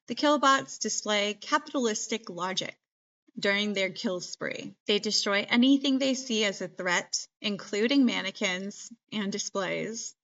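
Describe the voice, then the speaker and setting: A woman's voice: medium pitch, a bit bright. A woman hosting a podcast, recapping a movie in a chatty, joking way full of "like". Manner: chatty, filler-heavy, jokey. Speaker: podcast host. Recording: dull lo-fi podcast mic.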